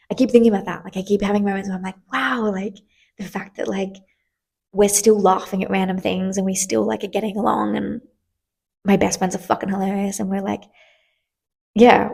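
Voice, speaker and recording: A young woman in her twenties hosts a solo podcast in a loose, candid chat. Her voice has a gravelly, fry-edged texture at a mid pitch, and she rambles along with plenty of fillers and the odd swear word. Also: a little mellow. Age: 20s. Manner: chatty, candid, lots of fillers and casual swearing. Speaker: podcast host.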